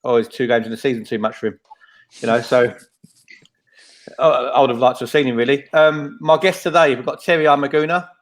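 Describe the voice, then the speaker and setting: A man's voice: medium pitch, steady tone, a little fast. A man hosting a casual football fan podcast, laid-back and self-mocking, with many ums. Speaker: podcast host.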